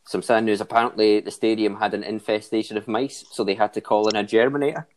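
A man's voice: fairly low pitch, steady tone, fast talker, darkish tone, a little hiss or hum. A man hosting a casual football chat, cracking pun-filled jokes and laughing at them. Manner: jokey, laughs at his own puns. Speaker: podcast host. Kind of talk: casual chat with joke segments.

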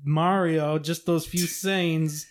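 A man's voice: fairly high pitch, steady tone, slow pace, crowd noise. A man in casual chat, chatty and enthusiastic, explaining what he hopes to see.

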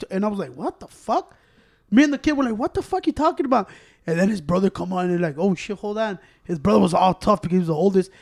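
A man from Chicago with a Mexican-American accent spins a profane story in rapid, casual chat. He slides between English and Spanish mid-sentence. His voice sits high for a man, and he rushes through every line. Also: a little mellow. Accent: Chicago Mexican-American, mixing Spanish. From Chicago, USA.

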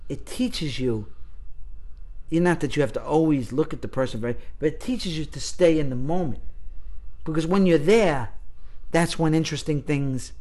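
A middle-aged man, a guest actor, telling stories in casual podcast chat, profane and animated. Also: fairly high pitch. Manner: animated storyteller, profane, acts out voices.

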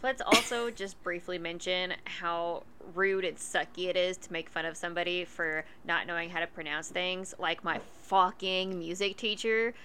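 A woman co-hosting a podcast, chatting casually and telling a story, animated and laughing often, swearing freely. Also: on the low side, normal speed, hardly any pauses, background noise. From United States. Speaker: podcast co-host.

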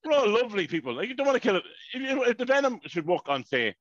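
A man, co-hosting a podcast, telling stories in an animated, swearing rant. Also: extremely high pitch, fast talker, dry recording. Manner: animated, swearing, ranting storyteller. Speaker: podcast co-host. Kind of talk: casual chat. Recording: dry, dull lo-fi podcast mic.

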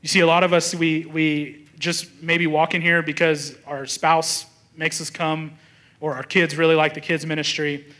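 A man's voice: a little high, flat delivery, normal speed, bright, forceful tone. A young adult man, a pastor preaching a sermon, telling stories casually and acting out the thoughts of the people in them. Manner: storytelling, acts out quoted thoughts, restarts often.

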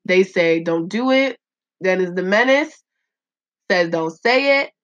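Woman, podcast host, low-pitched, blunt and profane, dry close recording. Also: takes it slowly, no echo. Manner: blunt, profane, animated, laughs often. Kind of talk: casual solo podcast reading listener answers. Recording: dull lo-fi voice recording.

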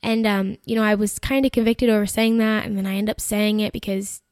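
A woman telling a personal faith story in a chatty, animated way, full of "like" and "you know". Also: mid-range voice, a little fast, dry recording, studio quality. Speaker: Christian content creator. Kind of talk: casual faith-based storytelling.

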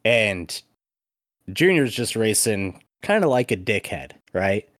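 A man hosting a podcast, telling a story in a casual, animated way with plenty of swearing. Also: lowish voice, takes it slowly, no echo, studio quality. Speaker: podcast host. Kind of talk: casual chat.

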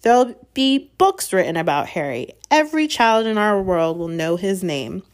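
A woman's voice: mid-range voice, expressive, normal speed, close to an everyday voice. A woman reading aloud, voicing an older stern female witch professor who speaks in a trembling, anxious, pleading way. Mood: indignant.

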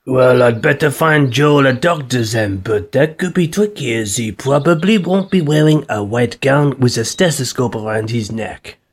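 A man's voice: mid-range voice, animated, moderate pace, few pauses, slightly rough. A man playing a cheeky, joking crew member in an amateur audio drama. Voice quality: jokey, loud and playful. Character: cheeky male crew member on a time-travel mission.

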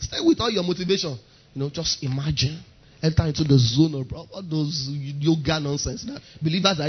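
A man's voice: high-pitched, slightly rough, highs cut off. A man preaching a sermon, emphatic and driving his points home by repeating key phrases.

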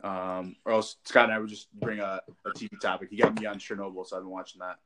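A man's voice: lowish voice, little pitch movement, quick pace, over a noisy crowd. A man co-hosting a podcast in loose, rambling casual chat, often restarting his sentences. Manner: rambling, restarts, laughs easily. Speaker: podcast co-host.

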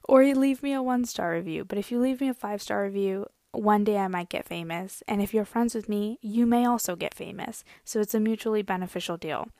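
Woman podcast host: chatty storyteller with a gravelly edge, dry close sound. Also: medium pitch, dark tone, no echo. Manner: chatty and rambling, full of "I mean" and "you know". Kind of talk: casual solo podcast storytelling.

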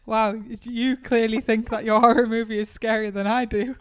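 A woman's voice: on the high side, flat delivery, moderate pace, clear, resonant tone, no room sound. A woman in a casual chat, teasing with dry, joking banter.

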